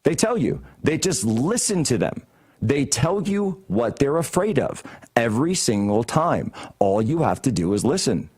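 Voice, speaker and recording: A man's voice: mid-range voice, big pitch swings, unhurried, darkish tone, husky. Combative sarcastic male talk show host. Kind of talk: heated political commentary. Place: broadcast studio.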